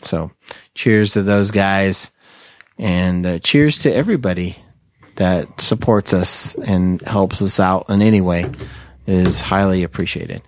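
A man's voice: deep voice, a little slow, no echo. A man hosting a podcast, chatting in a jokey, laid-back way with friends. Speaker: podcast host. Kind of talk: casual chat.

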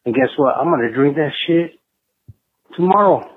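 A man's voice: medium pitch, fairly quick, breathy edge, no room sound. Slangy man on a tinny phone line. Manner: slangy, laid-back, peppered with "eh" and "Holmes". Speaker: voicemail caller. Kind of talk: casual voicemail story.

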